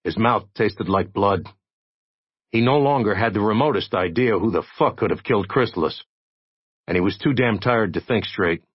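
A man narrating an audiobook with expressive, steady storytelling. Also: lowish voice, normal speed, slightly rough, dry recording, muffled recording.

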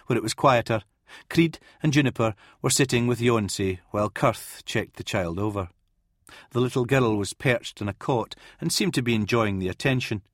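A man narrating an audiobook in an expressive reading style. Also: mid-range voice, no echo, clean studio sound. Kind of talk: scripted narration.

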